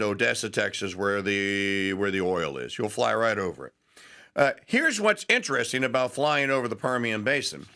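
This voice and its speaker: A man hosting a talk radio show, ranting and sarcastic. He shifts between fast bursts and slow, stressed phrases. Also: mid-range voice, sharp tone. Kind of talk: opinionated talk radio monologue.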